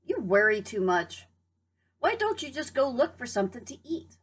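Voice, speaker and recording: Woman doing a calm, teasing duck. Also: on the high side, moderate pace, husky, full character voice. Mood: easygoing. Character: easygoing male duck friend. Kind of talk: storybook read-aloud.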